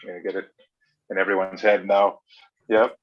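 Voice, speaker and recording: A man's voice: sits low, flat delivery. Easygoing Canadian-born man, muffled audio. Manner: easygoing, halting with fillers. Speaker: livestream host. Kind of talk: casual group chat.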